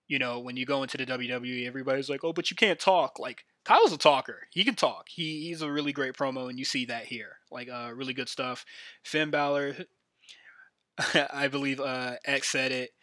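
A man hosts his own show alone, talking in a loose, filler-packed way. His voice has a bright, forward edge. The sound is close and dry, with no room around it. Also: mid-range voice, no echo. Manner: rambling, filler-heavy, enthusiastic fan talk. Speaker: podcast host. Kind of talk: casual solo wrestling recap.

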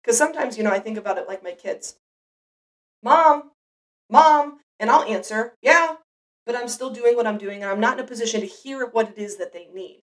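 A woman's voice: medium pitch, fast, few pauses, distant mic, rough recording. A mother giving an earnest, reflective devotional Bible teaching, speaking directly to the listener.

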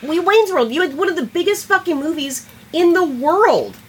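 A woman's voice: very high-pitched, moderate pace. A woman co-hosting a casual movie review podcast, swearing often and laughing a lot. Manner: profane, laughing, animated. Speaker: podcast co-host.

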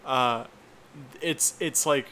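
A man's voice: medium pitch, drawn-out words, bright, forceful tone, slight background noise. A man co-hosting a podcast in casual chat, cracking jokes and rambling through his opinions. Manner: wisecracking, rambling opinions with many "like"s. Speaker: podcast co-host. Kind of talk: casual movie-recap chat.

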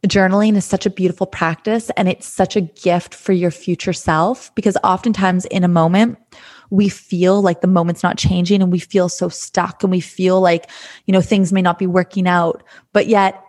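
Earnest woman coach musing gently. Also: medium pitch. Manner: gentle, earnest, repeats phrases. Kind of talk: reflective spoken monologue.

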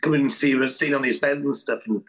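A man's voice: mid-range voice, fairly even intonation, fast, a bit bright. A man hosting a podcast, chatting in a laid-back, slangy way. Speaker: podcast host. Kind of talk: casual chat.

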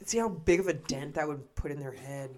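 A young woman co-hosting a podcast in casual chat, bantering with dark, playful jokes. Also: sits low, brisk, a little hiss or hum. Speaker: podcast co-host.

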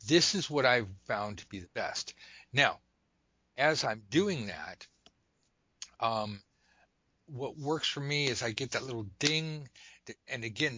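A man explains his tarot routine in a loose, joking ramble full of animated asides, as if chatting with friends at a table. His voice is bright and forceful. The sound is dry and close, with almost no room around it. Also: mid-range voice, no room sound. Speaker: tarot reader teaching a method. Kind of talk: casual spoken demonstration.

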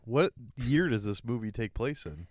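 A young man co-hosting a podcast, chiming in casually with quick questions and short reactions. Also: mid-range voice, expressive, dry recording. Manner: quick interjections and curious questions. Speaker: podcast co-host.

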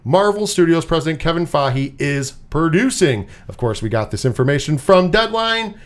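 A man hosting a casual pop-culture chat, animated and swearing freely, with lots of repeated words. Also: on the high side, normal speed. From US Northeast. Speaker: podcast host.

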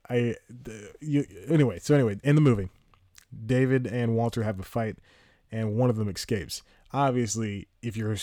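A man with a lowish, mellow voice hosts a podcast, recorded cleanly in a studio with no echo. He chats casually about a movie he watched, rambling, cutting himself off and chuckling often.

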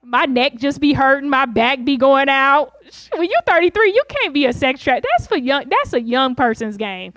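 A woman's voice: high-pitched, sing-song, moderate pace, a bit bright, no room sound. A woman in her thirties doing wry, chatty stand-up storytelling. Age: 30s. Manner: wry, chatty, laughs between lines.

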